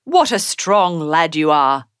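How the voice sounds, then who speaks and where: A woman's voice: sits low, sing-song, slow pace, fairly bright tone, clear, resonant tone, no echo, studio quality, full character voice. A woman voicing a cheerful, encouraging dad who is teaching his young son. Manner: encouraging, praising.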